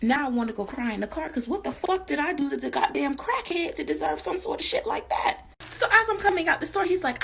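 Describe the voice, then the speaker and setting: A young woman from Florida telling a storytime in a deadpan, sardonic way. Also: fairly high pitch, a little fast, breathy edge. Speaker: content creator.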